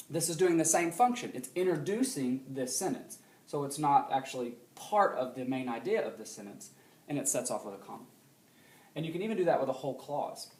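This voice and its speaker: A male teacher giving a recorded grammar lesson in a classroom, explaining steadily and often checking understanding with a quick question. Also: mid-range voice, lively intonation, a little mellow, echoey room.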